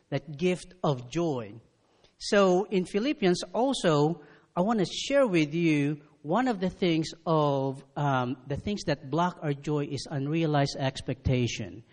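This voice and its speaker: A man's voice: fairly high pitch, animated, unhurried, darkish tone. A man leading a church meeting, preaching in a conversational way with plenty of fillers. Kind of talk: sermon.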